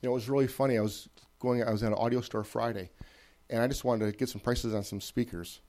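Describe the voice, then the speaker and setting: A man's voice: mid-range voice, fairly even intonation, fast, darkish tone. A man preaching an informal sermon in a conversational way, repeating phrases for emphasis and checking in with listeners.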